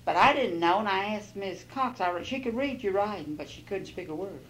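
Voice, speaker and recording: A woman's voice: mid-range voice, fairly quick, background noise. An older woman, telling a rambling, folksy life story as an oral history interviewee. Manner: folksy, rambling, quotes others in lively bursts.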